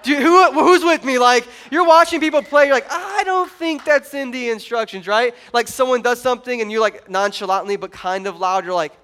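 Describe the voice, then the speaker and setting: High-voiced animated male preacher. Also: fairly quick, hardly any pauses. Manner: animated, joking, rising to loud emphasis. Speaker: pastor. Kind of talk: sermon.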